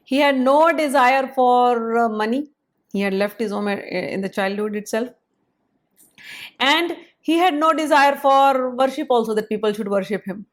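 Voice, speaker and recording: Woman, a spiritual teacher; slightly high voice, explanatory and measured lecture delivery. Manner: explanatory, measured, pausing to spell out syllables. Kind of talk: spoken lecture.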